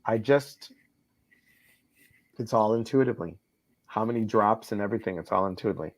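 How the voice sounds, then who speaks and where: A man's voice: fairly low pitch, fairly quick. Chatty man hosting a live stream. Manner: chatty, reads viewer comments aloud. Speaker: host. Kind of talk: casual live-stream chat. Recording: slightly dull lo-fi stream audio.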